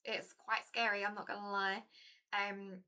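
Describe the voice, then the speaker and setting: A young woman chatting casually as she streams a board game, talkative and easily excited. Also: mid-range voice, unhurried.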